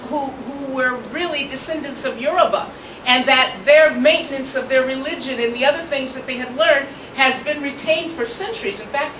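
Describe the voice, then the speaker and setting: A woman as guest speaker giving a public speech, telling a personal story in an earnest way. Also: high-pitched. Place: event venue with audience ambience. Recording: echoey, distant mic, noisy room.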